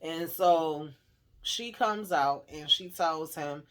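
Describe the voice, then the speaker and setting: A woman's voice: sits low, slow, a bit bright. A chatty woman runs through a TV episode recap in loose, casual talk. She laughs often and slips into the characters' lines as she retells scenes. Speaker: TV recap host.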